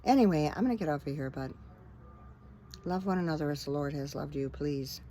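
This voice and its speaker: A woman's voice: sits low, brisk, dark tone, a little hiss or hum. A middle-aged woman minister chatting earnestly into her phone camera for her vlog, rambling with fillers. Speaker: vlogger and minister. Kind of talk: casual faith-talk vlog.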